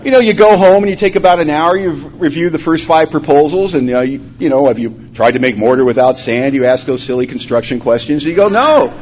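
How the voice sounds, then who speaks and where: A man telling his recovery story at a conference, acting out the dialogue, his voice rising loud and dropping to a hush. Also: on the high side, fast, few pauses. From Washington state, USA. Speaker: recovery meeting speaker. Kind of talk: personal testimony talk. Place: conference hall. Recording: dull lo-fi conference recording, faint hum.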